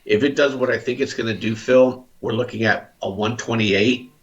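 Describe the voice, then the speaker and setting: A man's voice: medium pitch, fairly even intonation, moderate pace, muffled recording. A man hosting a market commentary show, chatting casually about trades with frequent restarts. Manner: conversational, restarts and fillers, explains trades plainly. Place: Southern California.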